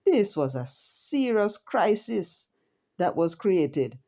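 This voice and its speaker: A Jamaican woman with a low, mellow voice hosts a news commentary, reading headlines and then talking them over in a chatty way. She peppers the reading with asides and questions tossed at the listener. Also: sing-song, slow pace. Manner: chatty, reacts aloud with asides and rhetorical questions.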